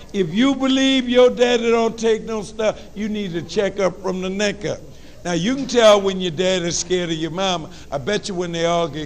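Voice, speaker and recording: A man with a New Orleans accent giving a lively motivational talk to high school students, with call-and-response and humor. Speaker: motivational speaker.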